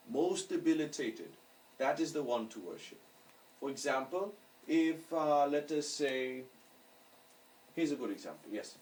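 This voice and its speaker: A man's voice: a little high, far from the mic, a little hiss or hum, poor audio. A male astrology teacher giving a lecture and leading his students in reciting mantras syllable by syllable. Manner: chants syllables for students to repeat.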